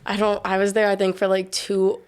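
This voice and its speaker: A young woman guesting on a podcast, telling a college party story in a relaxed, drawn-out way. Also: medium pitch, a little hiss or hum. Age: young adult. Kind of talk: casual chat.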